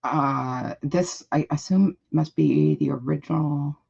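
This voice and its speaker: Blunt gravelly woman on a dull livestream. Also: low-pitched, slow, darkish tone. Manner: blunt, indignant, swears freely. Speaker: livestream reaction host. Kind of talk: live reaction commentary, reading comments aloud.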